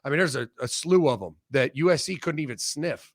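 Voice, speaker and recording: A man from Ohio, a former football coach, chatting as a guest and telling profane, animated stories. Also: fairly high pitch, fairly quick. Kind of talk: casual sports chat.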